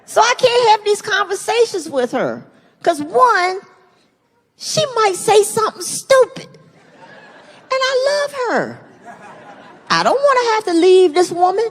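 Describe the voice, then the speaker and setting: A middle-aged woman performing a stand-up comedy set, animated and jumping into loud put-on voices for punchlines. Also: very high-pitched, moderate pace, a faint crowd. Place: large theater stage. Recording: live theater stage mic with long hall reverb and audience laughter. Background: audience laughter and ambience.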